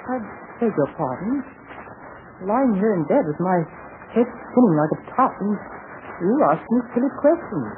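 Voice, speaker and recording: A young adventurer putting on a jaunty British accent to pass as someone else, teasing and lively in pitch. It is a 1940s radio serial. The sound is tinny and narrow, like an old broadcast, with a faint hiss. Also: male voice, normal speed, long pauses. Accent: put-on British.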